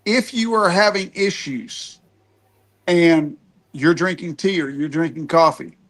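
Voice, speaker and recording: Folksy middle-aged man hosting a podcast, higher pitched. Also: unhurried, a bit bright. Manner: rambling, folksy, restarts sentences. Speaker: podcast host. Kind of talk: casual podcast chat.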